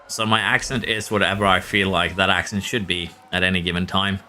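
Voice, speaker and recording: Man, Norwegian native speaker, casual streamer chat, lowish voice, bright forceful tone, easygoing, chuckles a lot. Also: fairly quick, slight background noise. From Norway. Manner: relaxed, answers chat, chuckles often. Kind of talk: casual live-stream chat while playing.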